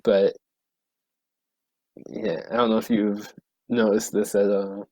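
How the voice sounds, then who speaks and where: A man's voice: on the low side, flat delivery, slow pace, a little mellow, dry recording. A young man co-hosting a podcast, talking things through in a thoughtful, rambling way full of fillers. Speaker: podcast co-host. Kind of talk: casual chat.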